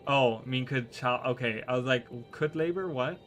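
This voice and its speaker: Over soft background music, a male streamer with a mid-range, fairly bright voice talks at normal speed while playing. His casual livestream chat rambles, and he keeps tripping over words and starting sentences again.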